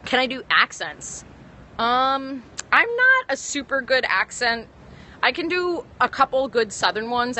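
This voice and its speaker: A woman's voice: on the high side, sharp tone. A young woman stand-up comedian chatting casually on a livestream from a city street, rambling and correcting herself as she talks into a phone. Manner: rambling, full of ums and self-corrections. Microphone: phone held to stream. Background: faint street traffic.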